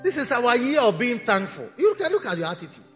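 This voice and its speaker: High, bright-voiced man preaching a sermon. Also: big pitch swings, brisk. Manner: teasing, scolding, laughs mid-sentence. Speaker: bishop and pastor. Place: cathedral sanctuary. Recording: echoey hall, dull lo-fi sound, faint music.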